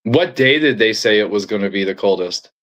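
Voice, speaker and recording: A man's voice: lowish voice, lively intonation, brisk, a bit bright. Man, laid-back, swears a lot, joking banter. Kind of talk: casual banter.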